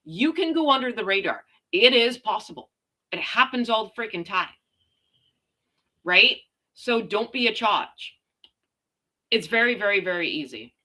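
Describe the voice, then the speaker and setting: A woman's voice: mid-range voice, expressive, a little slow, pauses often, bright, forceful tone. A woman hosting a casual gossip livestream, reading out viewer comments and ranting sarcastically. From Canada. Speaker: royal gossip livestream host.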